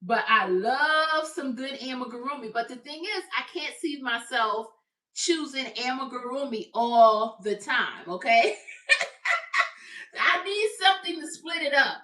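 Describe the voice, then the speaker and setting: A woman's voice: high-pitched, pushed and bright, roomy sound, recorded from a distance. A woman hosting a crochet livestream, chatting upbeat with her viewers. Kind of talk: casual livestream chat.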